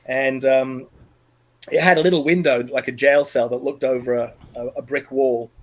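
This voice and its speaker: A middle-aged Australian man appears as a podcast guest, telling a personal story in an earnest, emotional way while halting and restarting. His voice is medium-pitched with a steady tone, and the recording is rough.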